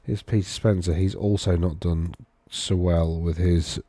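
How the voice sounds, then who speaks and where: In a dry recording, a wargaming video host speaks at a measured pace in a low, mellow voice with fairly even intonation. He rambles casually through tournament data on his screen, correcting himself as he thinks aloud, in screen-share commentary.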